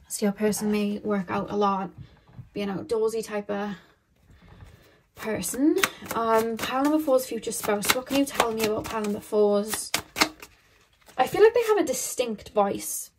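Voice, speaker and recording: A woman reading tarot cards for her viewers in a relaxed, chatty way. She rambles and thinks out loud, leaning on fillers as she goes. Her pitch sits at an ordinary middle height. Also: moderate pace, noisy background. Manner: loose and rambling, thinking aloud with many fillers. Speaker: tarot card reader. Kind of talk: casual pick-a-card tarot reading.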